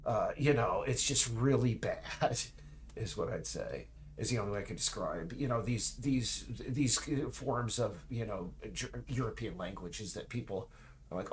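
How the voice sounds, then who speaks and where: Middle-aged man, casual work-along chatter, animated rise and fall, stammering restarts, faint background hum. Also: lowish voice, a little slow. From United States. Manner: rambling, tangents, frequent restarts and stammers. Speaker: indie game developer streaming. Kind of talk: casual rambling chat while working.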